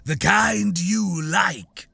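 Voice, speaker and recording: A man's voice: high voice, creaky, sharp tone, husky, no echo, soft background music, pitched above the performer's own voice, heavily acted. A man voicing a greedy, snarling male reptilian bounty hunter in an audiobook, drawling and leering. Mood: gloating. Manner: drawling, leering, slow and gloating. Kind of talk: audiobook character voice.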